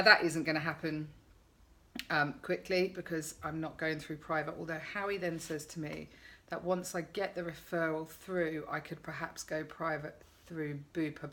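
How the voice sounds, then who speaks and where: Low, forceful woman chatting wryly. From England. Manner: chatty, wry and sarcastic. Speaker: vlogger. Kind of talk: casual chat to camera.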